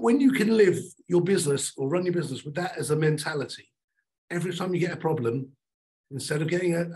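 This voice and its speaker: A middle-aged man giving a motivational talk on stage, emphatic and animated, repeating his key lines. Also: on the high side, low-quality recording. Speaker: keynote speaker.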